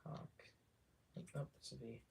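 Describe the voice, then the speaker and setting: A man chatting casually on a live stream, rambling and halting, muttering to himself and trailing off between thoughts. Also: darkish tone, a little hiss or hum. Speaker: livestreamer.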